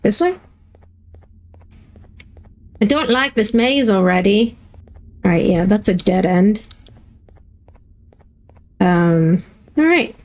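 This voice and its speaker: A woman's voice: medium pitch, animated, takes it slowly, pauses often, darkish tone. A woman hosting a gaming video, giving chatty let's-play commentary and playfully reacting to herself as she plays.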